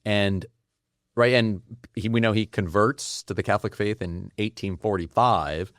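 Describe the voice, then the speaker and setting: A man's voice: fairly low pitch, fairly even intonation, a little slow, no room sound, clean studio sound. A man hosting a podcast interview, asking curious questions and thinking aloud. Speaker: podcast host. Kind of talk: casual interview chat.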